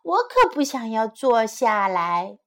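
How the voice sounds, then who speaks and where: Woman playing an old lady, tearful, high-pitched, slow, plaintive storybook voice. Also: sing-song. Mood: distressed. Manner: plaintive, rises to loud high cries. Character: tearful old woman who loves her thorn bush.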